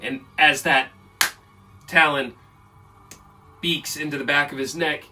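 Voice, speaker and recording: A man's voice: fairly high pitch, fairly even intonation, slow pace. A man narrating as game master in a casual, loose way with fillers. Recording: distant mic with faint music.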